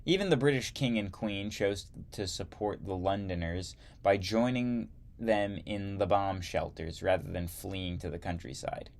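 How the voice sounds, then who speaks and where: A man teaching history, reading a textbook aloud slowly and adding wry asides. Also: low voice, creaky, darkish tone.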